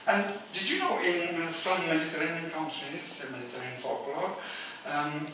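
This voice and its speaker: A man's voice: fairly high pitch, lively intonation, normal speed. A middle-aged man from Turkey with a Turkish accent, telling wry anecdotes with many hesitations in a live storytelling performance. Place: small theatre stage with live audience. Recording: echoey theatre, distant, noisy.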